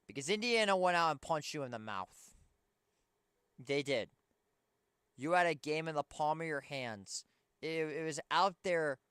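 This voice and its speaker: A man's voice: fairly high pitch, bright, forceful tone, clean tone, dry recording. Frustrated young man ranting about basketball. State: tired, yawning. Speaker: sports show host. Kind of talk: pregame basketball commentary.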